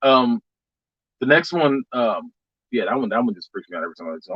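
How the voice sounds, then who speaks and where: A man's voice: mid-range voice, lively intonation, brisk, slightly rough, dry recording, dull audio. A man hosting a casual podcast, reading short scary stories, laughing often and stumbling over repeated words.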